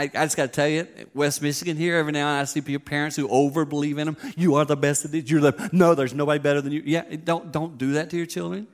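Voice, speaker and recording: A man's voice: a little high, clean tone. A man in his fifties giving a sermon, a conversational, joking storyteller. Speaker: pastor.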